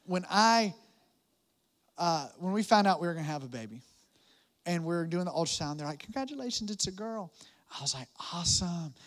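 A man preaching a sermon as pastor, humorous and animated, with many asides to the congregation. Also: on the high side, fairly quick, pauses often.

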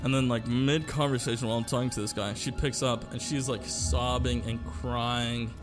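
A man's voice: medium pitch, fairly even intonation, normal speed, music in the background. A young man co-hosting a podcast, telling a long story in casual chat, rambling with lots of fillers and swearing. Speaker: podcast co-host.

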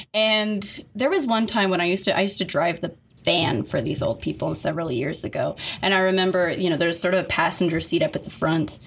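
A woman's voice: medium pitch, a bit bright, a little hiss or hum. A young adult woman, a caregiver, telling stories in casual chat, rambling with lots of fillers and frequent laughs.

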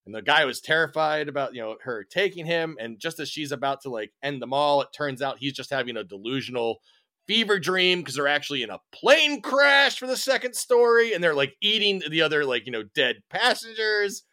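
Animated man recapping with lots of "like". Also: a little high, fairly quick. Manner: animated recaps full of "like" and "you know", laughs often. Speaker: podcast co-host. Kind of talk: casual chat.

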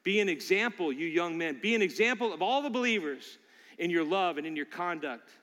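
A man preaching a sermon, emphatic and swinging from loud declarations to hushed appeals. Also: high voice, animated, a little fast, in a large hall.

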